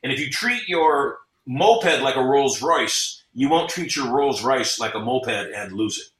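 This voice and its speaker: A man's voice: medium pitch, lively intonation, a little slow, fairly bright tone. A middle-aged man talking as a podcast guest, an earnest storyteller who acts out the people he quotes. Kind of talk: motivational interview talk. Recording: echoey, off-mic sound.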